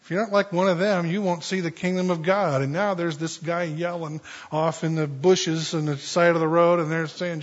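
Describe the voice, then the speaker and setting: A man's voice: a little high, fairly quick, few pauses, lo-fi sound. A man preaching a sermon in a loose, conversational way, rambling with many fillers and restarts. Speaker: pastor.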